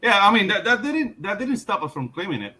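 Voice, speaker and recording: A man's voice: high voice, big pitch swings, fairly quick, pushed and bright, poor audio. A man, chatting in a laid-back way full of "like" and "dude". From Panama. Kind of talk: casual chat.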